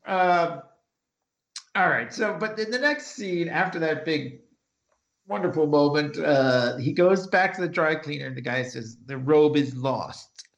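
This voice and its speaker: A New man with a gravelly, bright voice and a slightly high pitch. He chats casually as a podcast co-host, animated and expressive, slipping into characters' voices as he recaps scenes. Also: a little slow. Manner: animated, acts out characters' lines while retelling scenes. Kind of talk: casual chat recapping a TV episode.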